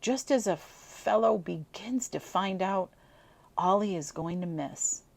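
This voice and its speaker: A woman's voice: medium pitch, animated, slow pace, vocal fry, darkish tone, exaggerated voice. A woman reading aloud, voicing a moody young man who fumbles for words with the girl he loves. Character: gloomy, tongue-tied young man in love.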